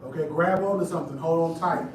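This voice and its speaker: A man's voice: a little high, quick pace. A man giving a casual live history talk, chatty and jokey, speaking straight to his audience. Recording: echoey room, distant mic, background noise.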